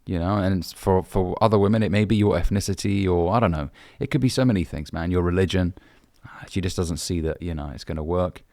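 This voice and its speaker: A man's voice: sits low, fairly quick, few pauses, a little mellow, no room sound, clean studio sound. A young man from the UK, a dating coach, giving blunt, brotherly advice and swearing casually. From United Kingdom. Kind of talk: direct-to-camera advice talk.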